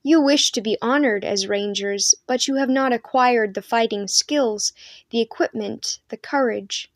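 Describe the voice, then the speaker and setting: A woman voicing a stern male ranger commander who scolds in a grave, measured way. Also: on the high side. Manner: solemn, measured reproach.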